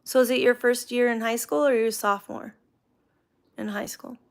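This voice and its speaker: A woman's voice: a little high, fairly even intonation, moderate pace, creaky. A middle-aged woman hosting a casual livestream chat, reading viewer comments aloud and talking about her faith. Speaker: livestream host.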